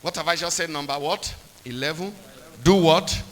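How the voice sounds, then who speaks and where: A man's voice: on the high side, normal speed, a bit bright, poor audio. A man preaching a sermon, repeating points and quizzing the congregation with call-and-response questions.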